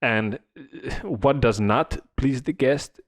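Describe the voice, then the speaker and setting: A man's voice: medium pitch, slow. A man co-hosting a casual hospitality podcast, teasing and joking about hotel work. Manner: animated, teasing, playful. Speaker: podcast co-host, former hotel worker.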